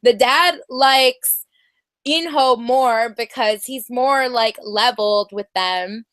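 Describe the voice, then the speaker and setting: A woman's voice: a little high, takes it slowly, a bit bright, no echo. A young woman chatting casually as a drama reviewer, bubbly and giggly, with lots of "like.". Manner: bubbly and giggly, heavy use of "like". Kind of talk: casual chat.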